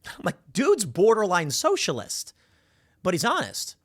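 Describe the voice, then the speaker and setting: Male political commentary host, lively and sarcastic, pitch jumping around, acts out quotes for emphasis. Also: unhurried, husky. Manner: animated and sarcastic, acting out voices for emphasis.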